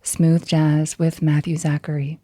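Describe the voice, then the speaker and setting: A woman's voice: deep voice, a little slow, no room sound. A woman guest on a podcast, chatting and telling stories with frequent laughter, recorded on a studio mic. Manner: laughs often, animated storytelling. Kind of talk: casual interview chat. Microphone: studio headphones and mic.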